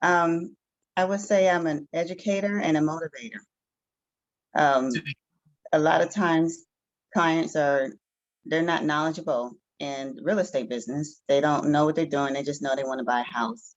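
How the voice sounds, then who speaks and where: A woman's voice: deep voice, normal speed, no echo. Female agent, plain explainer, muffled and dry video-call sound. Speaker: real estate agent. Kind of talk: sharing on a group call.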